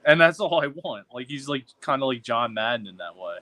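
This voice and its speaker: Halting, opinionated male podcast co-host. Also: medium pitch, animated, sharp tone. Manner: opinionated, halting, restarts sentences often. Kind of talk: casual chat.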